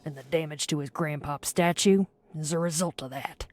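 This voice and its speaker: A woman's voice: deep voice, moderate pace, a little mellow. A woman voicing a bitter, foul-mouthed local woman in a narrative game, blunt and scornful. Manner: blunt and scornful, swears freely. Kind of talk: game character dialogue.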